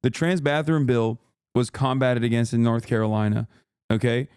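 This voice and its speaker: A man's voice: medium pitch, steady tone, moderate pace, darkish tone, clean tone, no echo, studio quality. A man streaming live, reacting to the news in a profane, exasperated rant to his chat.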